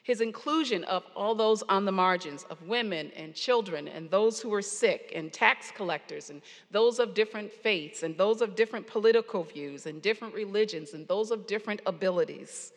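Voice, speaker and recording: A woman preacher giving a sermon, earnest and storytelling with pauses, in a church sanctuary. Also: mid-range voice. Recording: long hall reverb.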